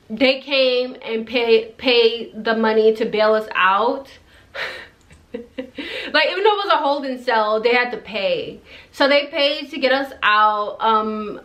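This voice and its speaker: Bright-voiced young woman telling a story. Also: on the high side, lo-fi sound. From immigrant to the US. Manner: chatty, rambling, laughs through the telling. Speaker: storytime vlogger. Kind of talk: casual storytelling.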